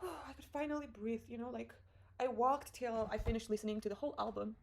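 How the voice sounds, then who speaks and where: A woman's voice: a little high, fast talker, gravelly, slight background noise, low-quality recording. Candid young woman telling a story. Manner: candid, emotional storytelling with frequent swearing and fillers. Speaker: vlogger. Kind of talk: casual confessional vlog.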